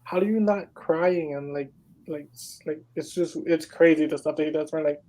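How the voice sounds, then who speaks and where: A man's voice: a little high, normal speed, a little mellow, low-quality recording. A young man co-hosting a podcast, telling stories in casual chat, full of "like"s. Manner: rambling storytelling, many "like"s. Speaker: podcast co-host.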